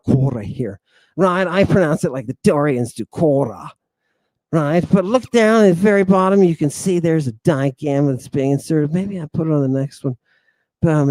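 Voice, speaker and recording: A man lectures on ancient Greek vocabulary in a slow, deliberate way, and his voice sits a little high. He is excited and wanders off topic, stumbling over words and fixing them as he goes. The sound is dry and close to the mic. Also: dry recording. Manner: enthusiastic, digressive, addresses listeners as "people"; spells out Greek words slowly, stumbling and self-correcting. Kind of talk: livestream lecture, talking to viewers.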